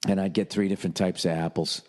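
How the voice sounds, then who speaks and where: A man's voice: low voice, flat delivery, quick pace, big-room sound. A man in his forties hosting a comedy podcast, reading listener emails and answering them in a profane, rambling, jokey way. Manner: profane, rambling, jokey, lapses into mock yelling.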